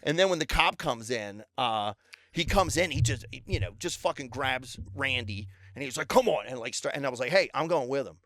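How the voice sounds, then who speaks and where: A man's voice: medium pitch, fairly quick, no room sound. A man, a comedian guest on a podcast, telling casual stories and acting out the people in them. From Baltimore. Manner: animated storyteller acting out quotes. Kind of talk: casual storytelling.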